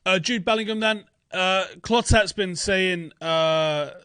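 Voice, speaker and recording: Sweary football ranter. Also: male voice, sits high, slow pace, a bit bright, clean tone, no echo. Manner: blunt, sweary, incredulous ranting. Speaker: football channel host. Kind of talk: casual transfer talk commentary.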